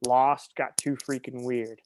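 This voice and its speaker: A man's voice: mid-range voice, flat delivery, takes it slowly, darkish tone, a little hiss or hum. A man co-hosting a casual podcast chat, talking eagerly and gushing about what he loves. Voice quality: enthusiastic, gushing. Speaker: podcast co-host.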